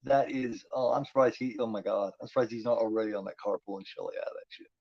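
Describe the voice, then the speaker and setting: A man's voice: fairly low pitch, quick pace, no echo, highs cut off. A man giving casual, profane commentary while watching a movie, talking back at the screen.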